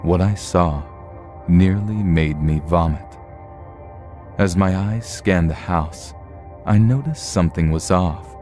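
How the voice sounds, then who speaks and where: A man narrating true horror stories in a steady, measured storytelling read. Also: low-pitched, faint music behind.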